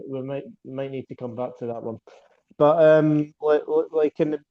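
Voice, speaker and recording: A man's voice: mid-range voice, steady tone, moderate pace, highs cut off. A man with a Scottish accent hosting a podcast, chatting in a jokey way with lots of stammering restarts. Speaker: podcast host. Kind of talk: casual chat interview over a call.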